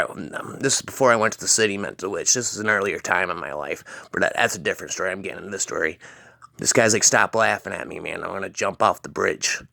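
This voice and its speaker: A man tells a rambling, slangy anecdote in a low voice. His tone is bright and forceful, and the sound is dry and close. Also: no room sound. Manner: rambling, full of "man" and "freaking". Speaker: storyteller.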